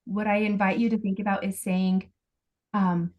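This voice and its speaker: A woman's voice: medium pitch, level tone, normal speed, a little mellow. A woman parenting coach on a video call, patiently explaining step by step and acting out sample phrases.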